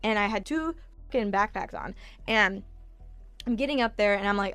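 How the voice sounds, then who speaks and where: A young woman in her twenties telling an animated, profane travel story in a casual vlog. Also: a little high, fast, dry recording, soft background music. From United States. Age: 20s.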